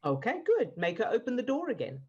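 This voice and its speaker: A woman coach guiding a participant through a live online session, calm and encouraging, explaining step by step. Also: fairly high pitch, a little fast, slightly rough, muffled recording. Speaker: emotional fitness coach.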